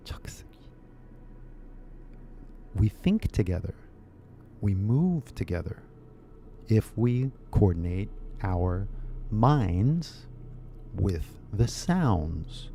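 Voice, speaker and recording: A man from California with a Californian accent, musing in a relaxed, rambling way while giving an English lesson. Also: lowish voice, a little hiss or hum. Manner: laid-back, musing, drawn-out phrases. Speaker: English teacher. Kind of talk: casual rambling video lesson.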